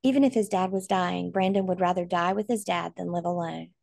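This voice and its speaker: A woman's voice: fairly low pitch, fairly even intonation, fairly quick, creaky, darkish tone, no echo. A woman narrating a novel aloud in an earnest, emotional way. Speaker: audiobook reader.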